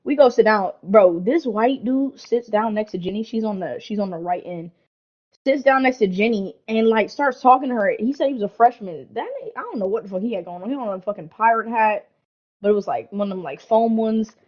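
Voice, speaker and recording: A woman's voice: medium pitch, a little fast. Young woman cussing her way through a crazy story on a podcast, kinda muffled lo-fi audio. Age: young adult. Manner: animated, slangy, heavy swearing, lots of "like" and "bro". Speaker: podcast co-host. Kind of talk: casual storytelling chat.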